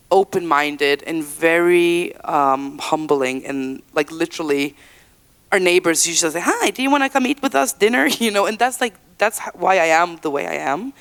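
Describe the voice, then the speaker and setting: Being interviewed at an indoor event venue, a singer from the Faroe Islands in her 30s talks candidly in a deep, smooth voice. She's chatty, leans heavily on "like," restarts her sentences, and acts out quotes.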